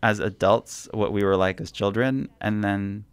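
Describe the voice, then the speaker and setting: A man, an author being interviewed on a radio talk show, telling stories in an earnest, gently reflective way. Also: on the low side, fairly even intonation, moderate pace, smooth, no echo. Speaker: author guest.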